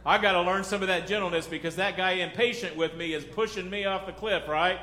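A middle-aged pastor preaching a sermon in a loose, conversational way, joking, acting out little scenes and asking the congregation questions. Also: male voice, high voice, steady tone, fairly quick, sharp tone. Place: church sanctuary. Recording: echoey church hall.

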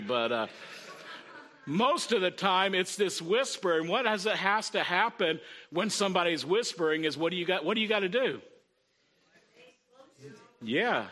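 A middle-aged man preaches in a high-pitched, conversational voice. His tone is bright and forceful, and he keeps checking in with the congregation by calling out "Amen?". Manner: conversational preaching with frequent "Amen?" call-outs. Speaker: pastor. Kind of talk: sermon.

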